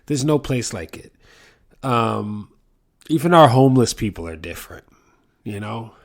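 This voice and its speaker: A man's voice: mid-range voice, expressive, unhurried, vocal fry. A man from New City, hosting a casual solo podcast and telling rambling, profane stories from his apartment. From New York City. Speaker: podcast host. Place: apartment room with a window to the street.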